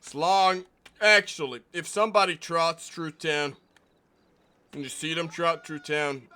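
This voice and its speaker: A man playing a fussy male deputy marshal in a western roleplay game, laying down rules in a slow, officious way. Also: on the high side, sharp tone, voice pushed up. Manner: officious, drawn-out rule-laying.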